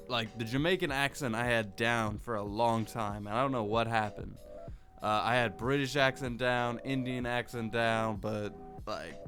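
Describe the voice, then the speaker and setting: A man's voice: mid-range voice, fairly bright tone. A young man chatting casually in a vlog about a favorite song, rambling with lots of "like" and some swearing. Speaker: vlogger.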